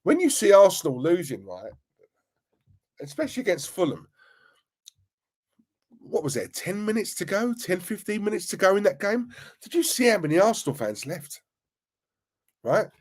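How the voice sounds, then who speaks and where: A middle-aged man, hosting a live football fan stream in an animated, slangy rant. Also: high-pitched, moderate pace, pauses often. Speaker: fan channel host.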